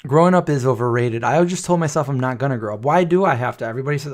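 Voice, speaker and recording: A man's voice: medium pitch, racing. A man in his forties hosting a late-night livestream, telling rambling, playful nostalgic stories and singing old jingles. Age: 40s. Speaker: livestream host. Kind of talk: casual nostalgic storytelling to chat.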